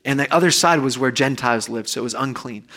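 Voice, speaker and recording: A man, a pastor, preaching a conversational sermon that swells loud and high, then drops soft and low. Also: fast talker. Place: church.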